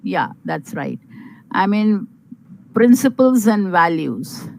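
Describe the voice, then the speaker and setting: An older woman with an Indian English accent, giving earnest, measured, motherly advice on marriage to young unmarried women, with some fillers. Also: medium pitch, sing-song, creaky, a little mellow, slight background noise, rough recording. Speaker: guest advising on marriage.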